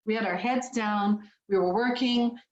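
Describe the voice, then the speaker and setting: A woman's voice: medium pitch, measured pace. A woman in her sixties from Canada with a Canadian accent, giving a heartfelt motivational talk as guest speaker on a video call. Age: 60s. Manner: earnest, heartfelt storytelling. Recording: echoey, dull video call audio.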